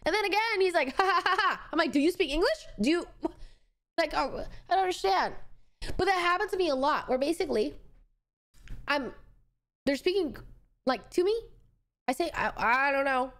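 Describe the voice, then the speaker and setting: Young woman streamer, high and animated, chatty, rambling, answering chat. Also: moderate pace, pauses often. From United States. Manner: chatty, rambling, reads viewer messages aloud. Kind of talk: casual chat with viewers.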